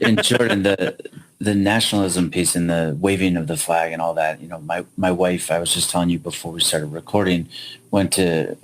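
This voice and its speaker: A man's voice: low voice, slight background noise, rough recording. A man guesting on a podcast, earnest, often repeating words as he works through a point. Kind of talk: casual podcast discussion.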